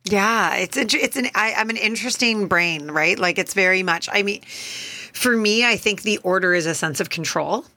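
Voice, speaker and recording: Bright-voiced woman, talkative and reflective. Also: mid-range voice, normal speed. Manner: talkative, reflective, verbal processor. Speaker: podcast co-host. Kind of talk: casual chat.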